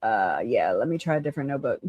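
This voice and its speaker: A live-stream host talks casually and profanely, laughing and thinking out loud while digging through notes. The voice sits at a middle pitch and sounds dry and close to the mic, with no room echo. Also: sing-song, fast, lo-fi sound.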